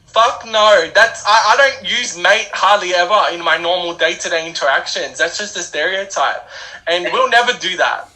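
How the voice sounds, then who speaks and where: A man's voice: high voice, normal speed, rough recording. A young Australian man, a rapper, talking bluntly in a casual interview, with frequent "like" fillers. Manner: animated, blunt, says "like" often. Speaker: rapper guest.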